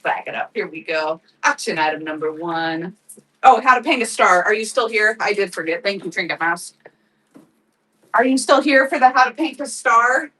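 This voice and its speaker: A woman's voice: medium pitch, expressive, normal speed, bright, forceful tone, distant mic, rough recording. A woman hosting a live craft sale, chatting casually, laughing often and thanking viewers by name. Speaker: live-selling crafts host. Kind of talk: casual livestream chat.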